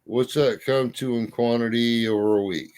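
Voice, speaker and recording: A man's voice: medium pitch, steady tone, moderate pace, a little mellow, clear, resonant tone. A man in a casual chat, telling folksy stories with a drawl and mild cursing. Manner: folksy storyteller, drawling, swears mildly.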